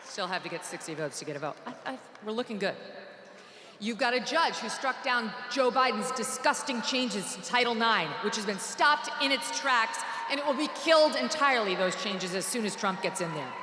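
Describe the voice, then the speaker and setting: A woman giving a political rally speech, delivering mocking, sarcastic jabs and shouting her applause lines. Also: on the high side, lively intonation, normal speed, a little hiss or hum. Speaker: rally speaker. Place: large rally venue. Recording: echoey arena with long reverb.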